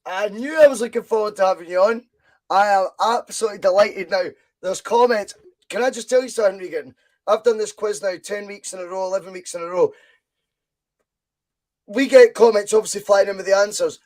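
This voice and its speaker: A Scottish man hosting a casual football quiz podcast, excitable and quick to shout when delighted. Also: high voice. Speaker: podcast host.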